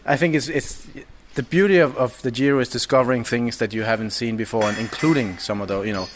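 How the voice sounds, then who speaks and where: A man, a podcast guest chatting casually and haltingly, with many restarts and fillers. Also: medium pitch, fairly even intonation, a little hiss or hum. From Denmark. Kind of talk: casual chat. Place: indoors, over drinks.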